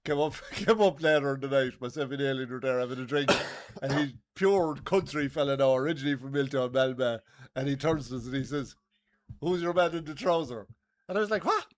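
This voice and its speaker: An Irish man co-hosting a live golf watchalong, chatting casually and calling shots excitedly. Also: mid-range voice. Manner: chatty, excitable, quick to laugh. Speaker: watchalong co-host. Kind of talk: casual golf commentary and chat.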